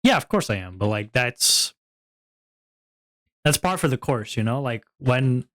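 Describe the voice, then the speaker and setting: A man's voice: mid-range voice, big pitch swings, a little slow, fairly bright tone. A young man chatting casually on his stream, rambling and self-deprecating with lots of fillers.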